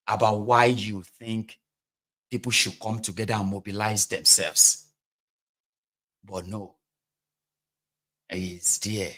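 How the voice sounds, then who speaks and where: A man's voice: mid-range voice, fairly bright tone. A Nigerian man giving exasperated, mocking political commentary in a casual vlog. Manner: exasperated, mocking, uses pidgin particles.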